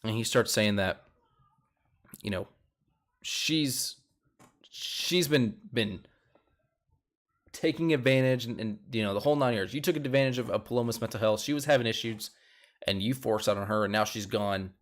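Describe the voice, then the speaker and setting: Young male host, casual recap chat, animated retelling, mid-range voice. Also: mid-range voice, normal speed, pauses often. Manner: animated retelling, quotes people in a raised voice.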